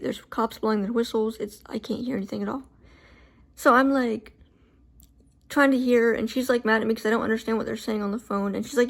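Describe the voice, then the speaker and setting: A woman telling a personal story to camera in a casual, animated way. She leans on fillers like "like" and acts out her own reactions. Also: fairly high pitch.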